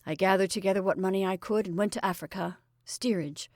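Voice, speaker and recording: A woman's voice: mid-range voice, fairly even intonation, brisk, darkish tone, dry recording, lightly acted. Exuberant chatty actor, middle-aged man, read by a woman; dry close sound. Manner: exuberant, rambling, confiding. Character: jolly middle-aged male stage actor, gleeful and chatty.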